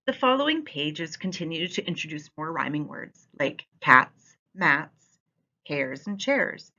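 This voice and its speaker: A woman teacher giving an instructional voice-over with a clear, expressive delivery. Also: low voice, unhurried. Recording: slightly muffled recording.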